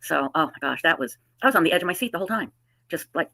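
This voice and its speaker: A woman's voice: on the low side, lively intonation, rapid-fire, gravelly, crowd noise, poor audio. A woman hosting a live stream in casual, effusive chat, with a slight lisp from new dentures. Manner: effusive, chatty. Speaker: livestream host.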